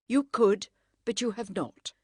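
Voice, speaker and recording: A woman reading a firm, proud Edwardian lady who speaks crisply and does not yield. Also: medium pitch, unhurried, no room sound, studio quality, voice pushed up, close to an everyday voice. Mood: defiant. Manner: crisp and unyielding.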